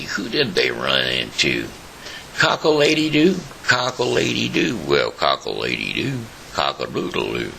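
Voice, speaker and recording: A man from Missouri hosting his own daily show, rambling through opinions and retelling a fable with many pauses and uhs. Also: sits low, gravelly, bright, forceful tone, a little hiss or hum, rough recording. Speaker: host. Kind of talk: rambling monologue and storytelling.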